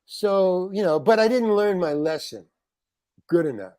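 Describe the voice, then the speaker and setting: A man's voice: high-pitched, measured pace, no room sound. A man guest telling a rambling story in a podcast chat, voice sitting a little above the usual male range. He keeps restarting his sentences and jumps into other people's voices as he quotes them. The sound is close and dry, with no room around it. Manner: animated, acts out other people's lines in quotes, frequent restarts. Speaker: interview guest, actor.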